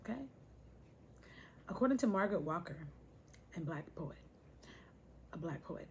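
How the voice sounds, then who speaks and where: A woman's voice: on the low side, animated, unhurried, long pauses, slight background noise. A woman hosting a casual talk to her viewers, chatty and playful, speaking to them directly. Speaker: host.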